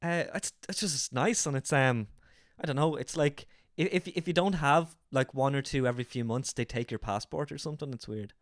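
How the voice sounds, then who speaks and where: A man's voice: mid-range voice, brisk, no room sound, studio quality. A man with an Irish accent, hosting a casual comedy chat show, rambling and correcting himself as he goes. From Ireland. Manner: rambling, self-correcting, laughs often. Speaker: host.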